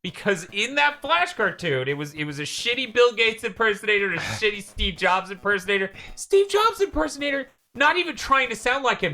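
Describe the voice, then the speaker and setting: A man with a high, sharp voice hosts a casual podcast, telling stories animatedly and swearing casually.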